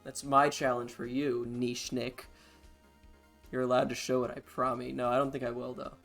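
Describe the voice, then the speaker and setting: A man's voice: mid-range voice, little pitch movement, normal speed, creaky, a bit bright, faint music behind. A man streaming a game, casual and profane, joking between reads. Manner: profane, joking, bursts into laughter. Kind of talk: casual live-stream commentary.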